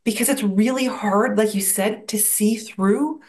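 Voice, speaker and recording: A woman with a mid-range voice speaks as a podcast guest. She talks reflectively, like a coach, and poses rhetorical questions to draw the listener in. Her voice sits in a comfortable middle pitch. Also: a little slow, darkish tone. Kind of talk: interview answers.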